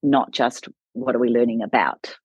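A woman's voice: extremely low pitch, steady tone, moderate pace, breathy edge, no echo. A woman co-hosting a casual chat, speaking thoughtfully and affirming her guest often. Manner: thoughtful, affirming, many soft backchannels. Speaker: podcast co-host in education.

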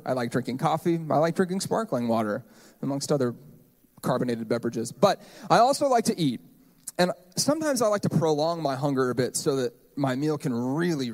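A man's voice: medium pitch, darkish tone. A man in his thirties preaching a sermon in a church, conversational and joking, with playful asides. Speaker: pastor.

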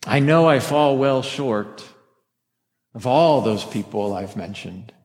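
A man's voice: mid-range voice, animated, slow pace, darkish tone. A pastor delivering a Christmas sermon in a church before a masked congregation, talking conversationally and joking at his own expense. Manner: conversational preaching with self-deprecating jokes. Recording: long hall reverb.

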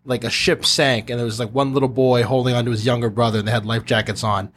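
A man's voice: medium pitch, fast, slight background noise. A man hosting a podcast, telling stories in a casual chat and acting out the voices of people in them. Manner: animated storyteller who acts out voices. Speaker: podcast host.

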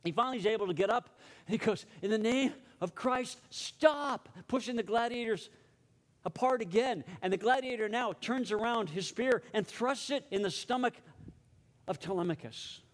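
Brief: male pastor, sermon, dramatic storyteller, voice a touch high. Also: fairly quick. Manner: dramatic storytelling, drops to a hushed tone for prayer.

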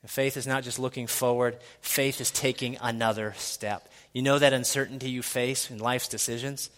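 A pastor preaching a sermon in a church, swinging from hushed, intimate lines to loud, excited shouting. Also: male voice, medium pitch, normal speed, big-room sound. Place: church sanctuary.

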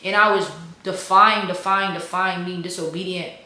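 A woman's voice: fairly low pitch, steady tone, normal speed, sharp tone. A young woman, a college student, casually telling a faith testimony in a chatty, slangy way, full of "like" and "bro". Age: young adult. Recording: very echoey room with faint hum.

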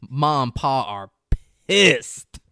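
A man's voice: mid-range voice, sing-song, drawn-out words, sharp tone, no room sound, studio quality, pitched above the performer's own voice, heavily acted. A man putting on a blunt, grumbling firefighter instructor while retelling a movie.

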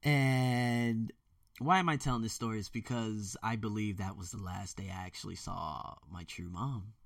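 A man's voice: on the low side, steady tone, normal speed, creaky, dry recording, studio quality, distant mic. Rambling man, off-mic. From United States. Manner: rambling and candid, quotes others in a mimicking voice. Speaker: vlogger. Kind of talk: personal storytelling monologue.

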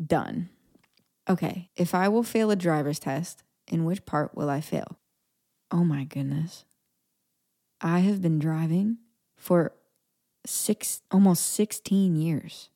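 A woman's voice: fairly low pitch, takes it slowly, warm tone. A woman in her thirties hosting a casual solo podcast, talking playfully, laughing often and dropping into whispered asides. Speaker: podcast host.

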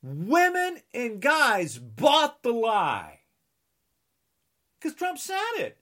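With an extremely high, bright voice that swings wildly in pitch, this New Jersey man draws out his words and pauses often. He's a political commentator in an angry, sarcastic rant, scolding listeners and repeating mocking refrains.

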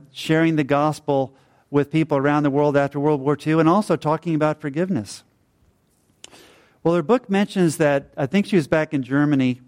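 A middle-aged man preaching a sermon in a relaxed, storytelling manner. His voice sits a little higher than most men's, and he keeps checking in with the listeners through fillers and quick tag questions.

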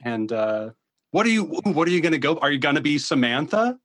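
A man's voice: a little high, big pitch swings, a little fast, a bit bright. A man voicing a cheerful, friendly radio host on a boat, talking with frequent restarts, in an improvised audio comedy. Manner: friendly, hesitant, lots of restarts.

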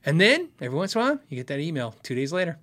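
A man's voice: a little high, big pitch swings, racing, fairly bright tone. A man hosting a casual livestream, answering viewer questions in a friendly, frank way and laughing often.

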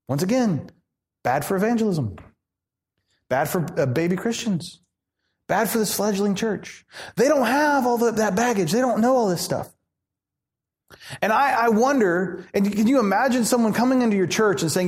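A man pastor preaching a sermon in an animated, conversational way, asking the congregation questions. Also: sits high, moderate pace. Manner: animated, conversational, acts out quoted voices.

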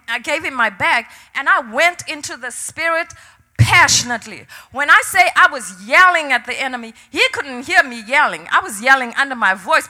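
A woman's voice: high-pitched, sharp tone. An older woman minister sharing a passionate testimony, building into fervent exhortation. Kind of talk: sermon testimony.

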